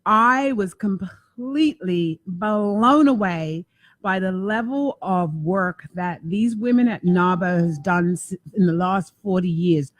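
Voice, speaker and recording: A woman's voice: medium pitch, slow pace, no echo. Effusive woman hosting a talk show. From United States. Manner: effusive, emphatic, repeats herself for emphasis. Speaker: talk show host and life coach. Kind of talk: casual enthusiastic talk show.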